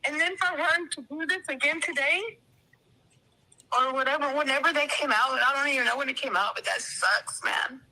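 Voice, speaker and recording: Texan woman caller, high and bright, heated and repetitive. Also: moderate pace, rough recording. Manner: swearing, repeats herself. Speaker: caller on a live stream. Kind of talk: emotional casual storytelling.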